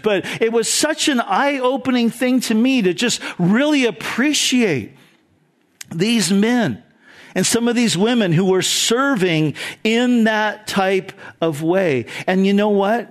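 A middle-aged man, a pastor, telling a story in an earnest, conversational sermon. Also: high-pitched.

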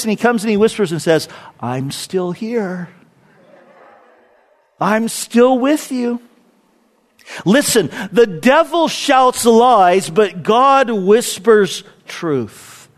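A middle-aged man preaching a sermon, swinging between loud emphasis and hushed, whispered lines. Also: extremely high pitch. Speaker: pastor.

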